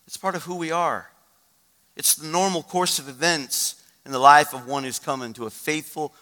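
A male pastor preaching a sermon, moving from loud urgent exhortation to a quiet, hushed story. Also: medium pitch, big-room sound.

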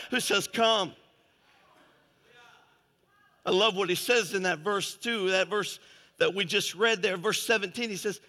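A man preaching a fervent sermon, swinging between shouted exclamations and hushed, quiet passages. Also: sits high, moderate pace, big-room sound. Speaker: pastor.

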